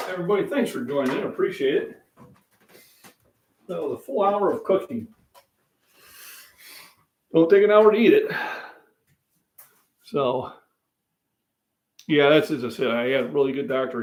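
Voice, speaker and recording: A man's voice: mid-range voice, lively intonation, a little fast, long pauses, a bit bright. An older man hosting a casual live stream from his home kitchen, rambling in a folksy way and speaking directly to his viewers. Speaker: fitness channel host. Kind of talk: casual live-stream chat while cooking. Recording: roomy sound, voice off-mic.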